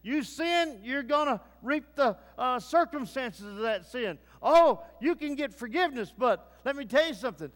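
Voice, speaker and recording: Fervent high-voiced preacher in a reverberant hall. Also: male voice, lively intonation, moderate pace, hardly any pauses, fairly bright tone. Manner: fervent, swings between low grave tones and rising urgency. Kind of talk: sermon.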